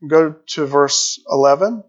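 A man's voice: fairly high pitch, unhurried. Man preaching a sermon, lo-fi. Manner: reads scripture aloud, asks the listeners questions. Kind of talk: sermon with scripture reading. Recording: dull lo-fi recording.

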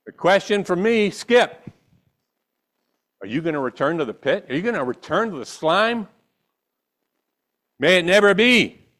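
Male pastor, sermon, animated voice, rhetorical questions, repeats for emphasis. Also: sits high, normal speed.

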